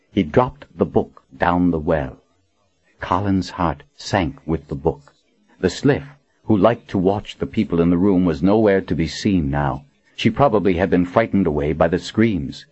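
A man narrating a dark fantasy audiobook with a dramatic, expressive reading. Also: low-pitched, normal speed, slightly rough, dull audio.

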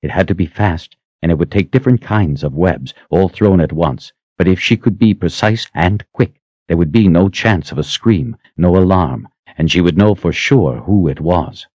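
A man reading a fantasy audiobook aloud in an expressive, dramatic way. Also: low voice, moderate pace, no echo. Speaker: audiobook narrator. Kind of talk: scripted fantasy narration. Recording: dry, slightly muffled audio.

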